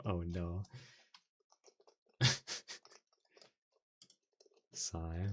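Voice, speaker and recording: A man's voice: sits low, very slow, gravelly, long pauses, mellow, slight background noise. A man chatting playfully as an ASMR streamer, reacting to his audience with frequent laughs. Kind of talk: casual ASMR stream chat.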